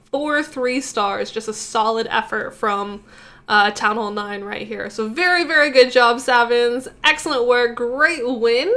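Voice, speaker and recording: A woman's voice: fairly high pitch, sharp tone. A young woman hosting a gaming video, giving a casual, upbeat commentary recap of a strategy game attack. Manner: upbeat, chatty recap with fillers.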